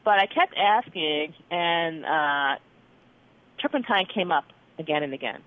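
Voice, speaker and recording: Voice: mid-range voice, measured pace. A doctor recounting a story in conversation, the voice swinging widely up and down as remembered exchanges are acted out in quotes. The sound is narrow and boxy, like a call over a telephone line. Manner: animated, acts out dialogue in quotes. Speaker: doctor being interviewed. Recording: phone-like narrow band.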